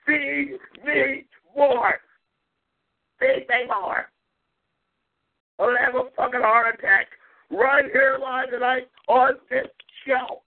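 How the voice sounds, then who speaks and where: A man's voice: very high-pitched, flat delivery, slow pace, gravelly, pauses often. A man hosting a talk show, ranting profanely, taunting rivals and repeating a catchphrase. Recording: tinny phone-like audio.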